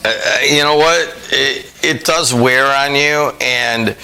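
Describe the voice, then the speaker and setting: A man's voice: medium pitch, slow, vocal fry, sharp tone, smooth, rough recording. A man hosting a casual call-in radio show, rambling and easygoing, with a Northwest Indiana accent. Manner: rambling, easygoing, many fillers. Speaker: radio host.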